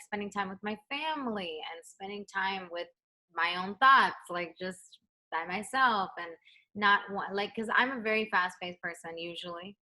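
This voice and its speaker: A young adult woman, a pop singer, chatting in a remote interview from home, animated and laughing as she acts out the people in her stories. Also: mid-range voice. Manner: animated storyteller, acts out quotes, laughs often. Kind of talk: casual interview chat. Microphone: home setup, remote interview.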